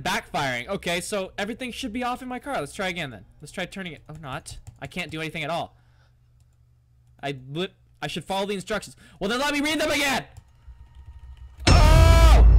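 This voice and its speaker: Casting: male gamer with a high voice, horror let's play, nervous muttering with outbursts, some faint background music. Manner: jumpy and excitable, swearing, yelling at the game; mutters to himself, reads on-screen text aloud. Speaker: gaming YouTuber.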